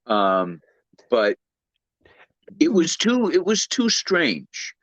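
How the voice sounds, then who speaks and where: A man co-hosting a casual movie review podcast, talking in a measured, reflective way. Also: a little high, wildly swooping pitch, fairly bright tone, no room sound, poor audio. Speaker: podcast co-host.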